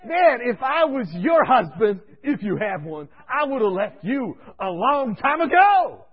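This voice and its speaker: A man voicing a belligerent injured male patient who yells insults at everyone around him. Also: extremely high pitch, very animated, measured pace, husky, dull audio, exaggerated voice. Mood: taunting. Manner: yelling, taunting.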